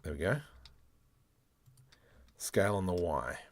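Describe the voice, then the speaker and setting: A man demonstrating 3D modeling software, thinking aloud in a playful way and muttering keyboard shortcuts and mild exclamations as he works. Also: low-pitched, expressive, takes it slowly. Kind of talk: screen-recorded software tutorial, thinking aloud.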